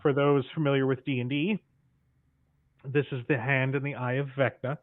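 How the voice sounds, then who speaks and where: A man joining a livestream chat as a guest, easygoing and quick to laugh, swearing casually. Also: medium pitch, little pitch movement, no room sound. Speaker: guest streamer. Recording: dry, phone-like call audio.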